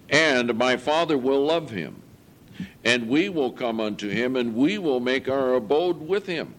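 A man preaching a sermon to his congregation, earnest and emphatic, reading scripture slowly and lifting his voice on key points. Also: mid-range voice, animated, fairly bright tone. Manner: slow, deliberate scripture reading.

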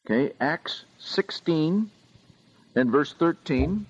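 Slow, deliberate male preacher. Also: fairly high pitch, animated, husky, muffled recording. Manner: slow, deliberate, reads scripture aloud with emphasis. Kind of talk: sermon.

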